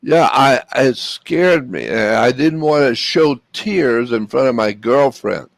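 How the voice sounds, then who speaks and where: Older man from Florida, gravel in the voice, dry close sound, earnest storyteller. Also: medium pitch, animated, slow, no room sound. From Florida, USA. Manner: earnest, repeats phrases for emphasis. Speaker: interview guest. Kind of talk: personal storytelling.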